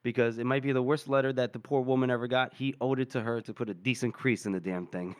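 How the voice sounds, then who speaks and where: A man's voice: mid-range voice, fairly even intonation, quick pace. A man with an ordinary mid-range voice talks casually with his co-hosts about a fantasy novel. He reads passages aloud in an easygoing way and laughs often. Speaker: podcast co-host. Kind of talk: casual book discussion.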